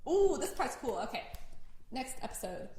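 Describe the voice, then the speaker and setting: A young woman recapping a cartoon to a friend in casual chat, excitable and giggly, swearing casually. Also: sits high, moderate pace, a little hiss or hum. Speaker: storyteller to a friend.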